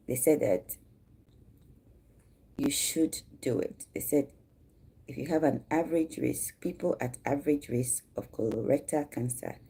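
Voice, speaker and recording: A woman's voice: very deep voice, gravelly, mellow, breathy edge. A woman in her forties from Ghana, hosting a casual livestream and chatting with viewers as she greets them. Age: 40s. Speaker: livestream host.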